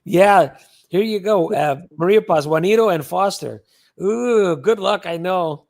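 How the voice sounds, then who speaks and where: A man's voice: sits high, a little slow, gravelly, darkish tone. An older man hosting a livestream, chatting casually and rambling as he reads out viewer comments. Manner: chatty, rambling, repeats words. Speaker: livestream host.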